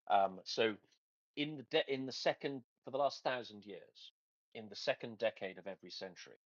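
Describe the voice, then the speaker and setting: A man hosting a casual online chat, joking with dry sarcasm and halting restarts, heard over a dull lo-fi call. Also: medium pitch, no echo. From England. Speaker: podcast host.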